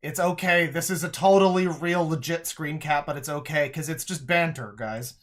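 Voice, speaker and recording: A man's voice: a little high, moderate pace, a bit bright. Sarcastic man commenting on a stream. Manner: sarcastic, profane asides. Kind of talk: live stream reaction commentary.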